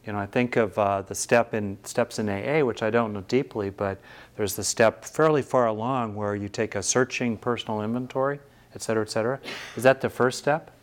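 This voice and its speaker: A man's voice: fairly low pitch, steady tone, brisk. A man who teaches meditation, giving a thoughtful talk to an audience and searching for his words as he goes.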